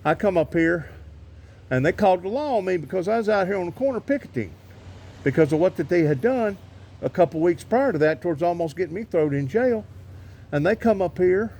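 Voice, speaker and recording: A Southern man with a slightly high voice asks pointed questions outdoors by a road. He talks in folksy, plain grammar and keeps tagging his statements with "ain't they?" to push for agreement. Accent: Southern American. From American South. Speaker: interviewer on a street corner. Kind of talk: casual street interview.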